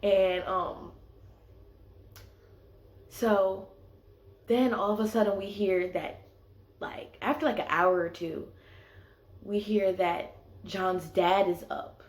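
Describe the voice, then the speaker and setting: A woman's voice: mid-range voice, fairly even intonation, slow pace, pauses often. A young woman casually telling a personal story, filling her sentences with "like". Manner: chatty, leans on "like" as filler. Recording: echoey room.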